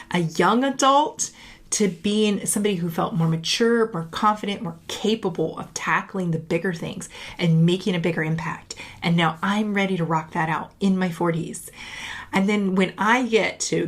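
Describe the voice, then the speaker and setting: A woman in her late thirties, a leadership coach, talking in an upbeat, emphatic, chatty way in a casual reflective monologue to camera. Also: mid-range voice. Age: late 30s.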